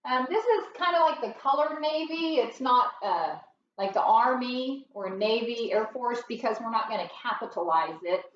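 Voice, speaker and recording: A woman teaching a phonics lesson, sounding out words slowly and patiently for young learners. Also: a little high, expressive, echoey room, recorded from a distance, muffled recording, a little hiss or hum.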